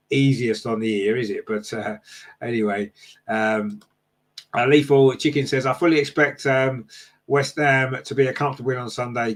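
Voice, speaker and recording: A man hosting a casual fan podcast, reading out live chat comments and answering them with lots of fillers and tag questions. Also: medium pitch.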